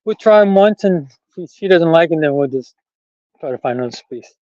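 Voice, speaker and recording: A man's voice: fairly high pitch, animated, a little fast, a little mellow, dry recording, dull audio. A middle-aged man vlogging casually outdoors on a rural trail, rambling and chatty and laughing at his own jokes. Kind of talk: casual walking vlog.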